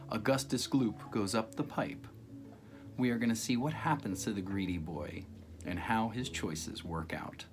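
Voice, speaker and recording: A man in his fifties reading a children's story aloud, recapping softly and gently. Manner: soft, gentle explaining with lively pitch.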